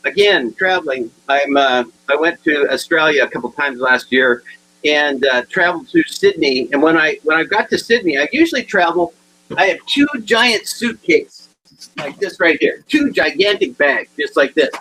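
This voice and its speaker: Lively, bright-voiced male comic speaker. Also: a little high, moderate pace, rough recording. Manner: animated, acts out both sides of dialogues. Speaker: motivational speaker. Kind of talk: humorous keynote storytelling.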